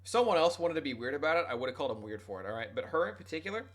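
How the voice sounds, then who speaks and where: A man's voice: a little high, sing-song, rapid-fire, soft background music. A young adult man streaming, casually telling a rambling, profane, self-mocking story to his chat.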